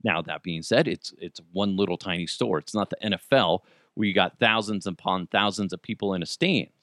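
A man hosting a solo commentary show, ranting with heavy swearing and swinging between loud outbursts and low muttered asides. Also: a little fast, dry recording, clean studio sound. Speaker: show host.

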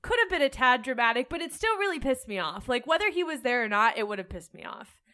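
A young woman talks in a relaxed, candid way and swears freely as she tells her stories. Her voice sits a little high and sounds bright and smooth. The feel is an easy, casual chat. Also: fast. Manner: candid, animated storytelling with frequent swearing.

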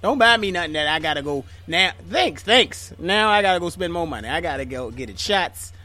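A man's voice: a little high, lively intonation, brisk, sharp tone, faint music behind. A man co-hosting a casual chat show, joking and laughing often, repeating himself. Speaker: podcast co-host.

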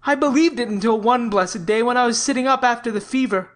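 A woman's voice: fairly high pitch, a little fast, close to an everyday voice. A woman voicing an earnest young man in love, a student doctor, speaking tenderly in an audiobook. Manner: tender, heartfelt confiding. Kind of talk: audiobook character reading.

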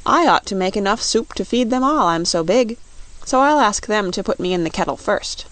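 A woman voicing a big, kindly wanderer who talks gently and with elaborate politeness. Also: medium pitch, expressive, normal speed, no echo, lightly acted. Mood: consoling. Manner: courteous, gentle.

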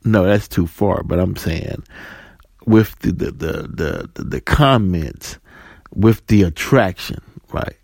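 A man's voice: sits low, lively intonation, slow pace, vocal fry, darkish tone, no room sound. A man talking casually to camera, making points with rhetorical "right?" and acting out little scenes, with some fillers and repeated words. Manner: storytelling, playing out dialogue in different voices. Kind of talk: casual monologue with acted-out scenes.

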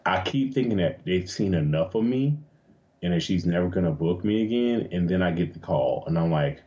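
Male guest, very low voice, animated and profane, casual storyteller, muffled lo-fi audio. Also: normal speed. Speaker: interview guest, adult film performer. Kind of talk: casual chat.

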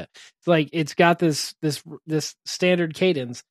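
A man and parent chatting casually, telling funny anecdotes in halting bursts, laughing often and breaking off mid-sentence. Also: on the high side, steady tone, dry recording, studio quality. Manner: chuckling, halting, self-interrupting anecdotes. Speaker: podcast co-host, parent. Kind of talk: casual chat, storytelling.

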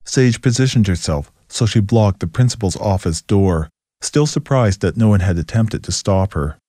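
A man reads a ghost story in a steady, measured way. His voice sits low with a mellow, dark tone. The recording is dry and close. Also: dry recording. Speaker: narrator. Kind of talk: scripted story narration.

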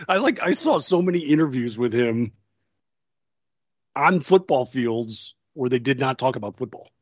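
A man's voice: medium pitch, unhurried, pauses often, breathy edge, no room sound. Chatty man telling stories, dull sound. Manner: animated storyteller, acts out quotes. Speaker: podcast co-host. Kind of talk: casual chat.

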